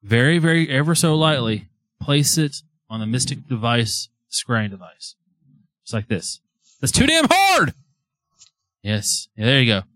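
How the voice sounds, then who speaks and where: Speaking at a normal pace in a mid-range voice, this podcast host runs a casual, joking chat around a spirit board. The recording is dry, and his manner is animated and mock-spooky, with plenty of swearing.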